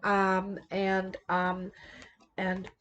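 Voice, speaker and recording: A woman's voice: medium pitch, monotone, extremely slow, fairly bright tone, dull audio. A middle-aged woman giving an unscripted tarot reading, meandering with many fillers and restarts. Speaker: tarot reader.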